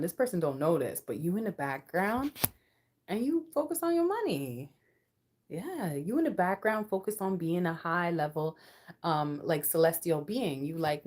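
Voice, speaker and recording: A young woman giving a casual collective tarot reading. She is slangy and playful, and her voice swings between low and high. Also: expressive, normal speed. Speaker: tarot card reader.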